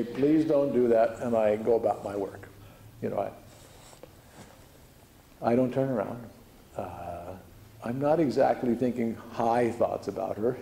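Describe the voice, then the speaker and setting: A man's voice: medium pitch, gravelly, darkish tone, a little hiss or hum. A man, a spiritual teacher, telling a personal story to a group in a chatty way, full of fillers and restarts. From United States. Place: hall with audience. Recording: echoey room recording.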